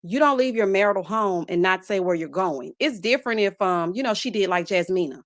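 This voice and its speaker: A woman hosting a casual reality TV recap, sassy and animated, calling her viewers child and baby and breaking into laughs. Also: brisk, few pauses, dry recording, clean studio sound. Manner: bursts into high laughs. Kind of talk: casual chat.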